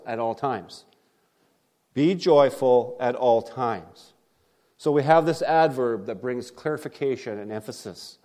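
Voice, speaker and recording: Man preaching with big swells. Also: mid-range voice. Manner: emphatic preaching with rhetorical questions and big swings in loudness. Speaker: pastor. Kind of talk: sermon.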